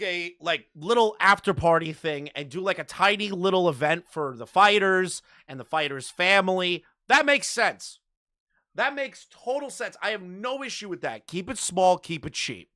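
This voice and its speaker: A man hosting a reaction commentary, sarcastic, jumping between loud outbursts and muttered asides. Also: high-pitched, lively intonation, normal speed, no room sound, studio quality. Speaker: commentary channel host.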